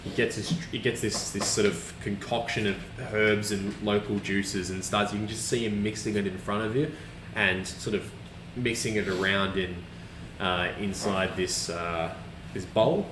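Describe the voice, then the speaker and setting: Low-voiced rambling game master. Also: male voice, fairly even intonation, normal speed. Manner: rambling, with many restarts and fillers. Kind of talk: narrating a tabletop game. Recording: echoey room with background hiss.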